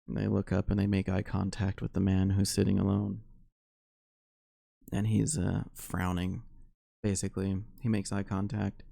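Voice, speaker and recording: Gravelly-voiced man narrating a solo tabletop game. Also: deep voice, monotone, dark tone, no room sound. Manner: unhurried, with many fillers. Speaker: game master and solo player.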